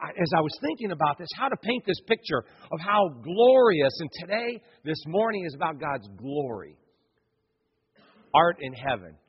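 A man's voice: fairly high pitch, breathy edge. A pastor preaching a sermon in a conversational way, asking his listeners many rhetorical questions. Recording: long reverb, dull lo-fi sound.

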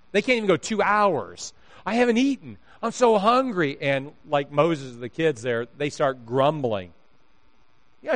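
A man preaching a sermon, telling funny stories and acting out the dialogue in them, laughing often. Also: sits high. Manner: animated storyteller, acts out dialogue, laughs often. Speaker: pastor. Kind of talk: sermon with humorous storytelling.

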